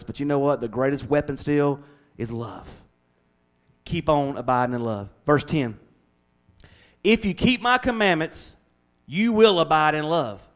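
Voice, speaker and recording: A man preaching a sermon as pastor, folksy and conversational, speeding up and slowing down as he goes. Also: mid-range voice. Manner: folksy, conversational preaching with shifting pace and volume.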